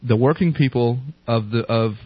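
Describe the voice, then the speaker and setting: A man in casual political chat, halting with restarts and slow emphasis. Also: mid-range voice, dry recording. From United States. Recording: dull lo-fi dry line.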